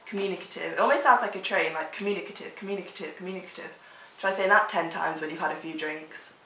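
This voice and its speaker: A woman's voice: low-pitched, brisk, pushed and bright, slight background noise. Woman, young adult, vlogger, chatty and rambly, casual chat, roomy echo. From England. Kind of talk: casual chat answering tag questions.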